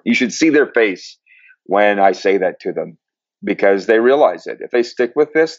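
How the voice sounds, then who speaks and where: A man's voice: lowish voice, fairly quick, dry recording. A man who works as a sober coach, talking casually as an interview guest and acting out the people he quotes. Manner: animated storyteller, acts out quotes. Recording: dry, slightly dull studio sound.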